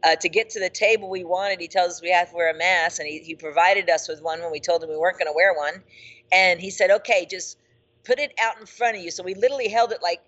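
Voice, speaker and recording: A woman's voice: on the low side, fairly even intonation, quick pace, a bit bright. A woman hosting a talk show, agreeing readily and chatting casually with a laugh. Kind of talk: casual chat. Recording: dull lo-fi sound.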